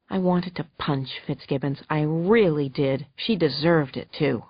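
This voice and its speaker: A woman with a low voice tells a thriller story in the first person, steady and measured. The recording is dry, with a slightly dull, muffled tone. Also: no room sound. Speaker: audiobook narrator.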